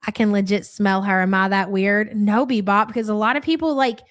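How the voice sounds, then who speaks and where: A woman's voice: mid-range voice, steady tone, fairly quick. A young adult woman giving casual live-stream reaction commentary, blunt and sarcastic, swearing freely and thanking viewers.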